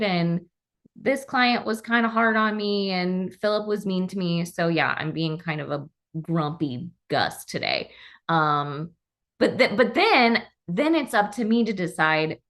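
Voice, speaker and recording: Gravelly-voiced woman co-hosting a podcast. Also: on the low side, lively intonation, a little slow, fairly bright tone. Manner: reflective, thinks aloud with restarts. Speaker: podcast co-host. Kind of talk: casual podcast discussion.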